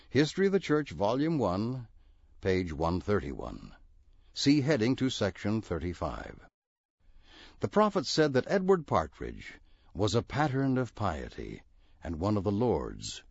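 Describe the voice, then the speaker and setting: Gravelly man reading scripture headings. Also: lowish voice, darkish tone, dry recording. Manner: slow, measured announcing of headings. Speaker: scripture reader. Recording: dull lo-fi dry recording.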